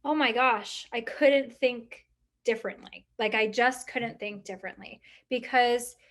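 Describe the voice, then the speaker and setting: A middle-aged woman co-hosting a casual chat, reflecting in long, rambling thoughts full of fillers and lively quoted asides. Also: on the high side, unhurried. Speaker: podcast co-host.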